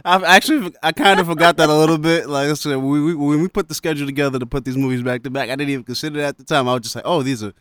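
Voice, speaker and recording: A man's voice: a little high, fairly even intonation, very fast, hardly any pauses, a bit bright, clean tone, no echo, clean studio sound. A man co-hosting a casual movie chat, laid-back, slangy and laughing often. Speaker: podcast co-host.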